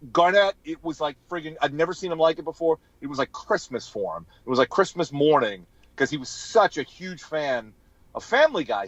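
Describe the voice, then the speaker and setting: A man's voice: a little high, no echo. A man, a former sideline reporter, telling stories in an interview and acting out what people said. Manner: lively anecdote teller who acts out quotes. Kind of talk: interview storytelling. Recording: dull, dry podcast audio.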